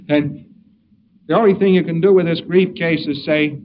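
A man's voice: fairly high pitch, steady tone, normal speed. Wry man lecturing on an old recording. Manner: wry, digressive, acts out quotes. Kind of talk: informal lecture. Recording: dull distant recording with faint hiss.

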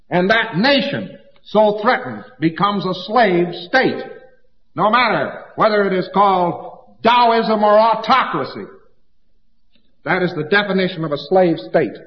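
A man lecturing in an emphatic, folksy style who acts out small anecdotes as he goes. His voice sits fairly high. The old, dull recording carries a long hall reverb.

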